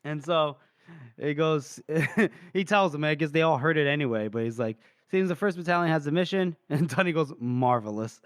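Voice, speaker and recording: This podcast co-host is a young man whose slightly high voice is expressive, clear and resonant, at ordinary speed and free of room sound. He retells a book chapter with animation in relaxed conversation, voicing the characters' lines for a moment.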